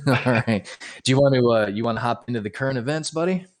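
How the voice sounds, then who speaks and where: A man's voice: medium pitch, fast talker. A sleepy man co-hosting a live radio show, chatting casually in an easygoing way. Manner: easygoing, laughs often.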